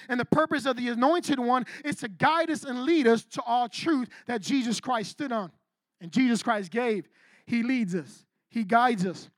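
High-voiced pastor preaching in slang. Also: male voice, a bit bright, no room sound, clean studio sound. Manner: streetwise slang, emphatic, preachy. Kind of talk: sermon.

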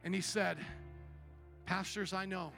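Male pastor, high bright voice, testimony sermon, quiet then loud, faint music behind. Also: little pitch movement, measured pace, creaky. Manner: storytelling, swings from hushed to loud.

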